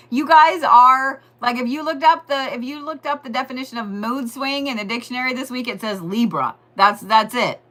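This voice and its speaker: Bright-voiced woman giving a joking astrology reading. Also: fairly high pitch, normal speed, few pauses. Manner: rambling, joking, swearing, talks straight to listeners. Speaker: astrology and Reiki host.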